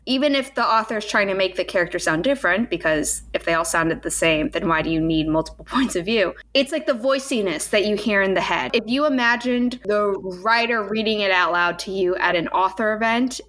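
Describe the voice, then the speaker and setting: Woman, podcast co-host, bright tone, explanatory, casual chat. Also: medium pitch. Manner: explanatory, talks in long flowing thoughts.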